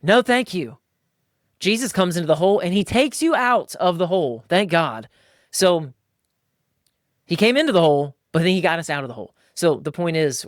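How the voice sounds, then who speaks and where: A man hosting a podcast, coaching listeners in a lively, casual way and acting out voices as he talks. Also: on the high side, no echo, studio quality. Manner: animated, acts out voices. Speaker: podcast host.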